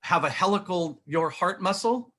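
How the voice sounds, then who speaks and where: Man, middle-aged, earnest, enthusiastic, demonstrating, slightly high voice. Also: lively intonation, normal speed, pushed and bright. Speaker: guest. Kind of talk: animated explanation while showing models.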